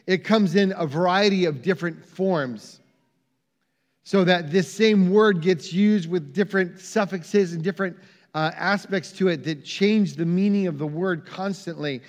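Male preacher, high voice, sermon delivery with long hall reverb. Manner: tells a joke story, then teaches with measured emphasis.

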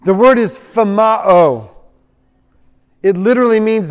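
A man pastor preaching a sermon, animated, acting out the voices he quotes. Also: sits high, a little slow, in a large hall.

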